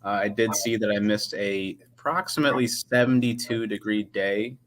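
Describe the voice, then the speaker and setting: A man who works as a pharmacist and company head, giving measured, explanatory answers in a casual interview. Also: on the low side, a bit bright, a little hiss or hum.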